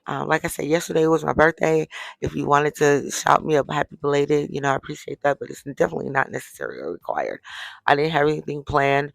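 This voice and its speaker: A woman's voice: low voice, expressive, quick pace, gravelly, dry recording, poor audio. A middle-aged woman chatting casually to her viewers, telling a story from her day in a chatty way. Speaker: vlogger. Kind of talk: casual chat. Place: at home, winding down for bed.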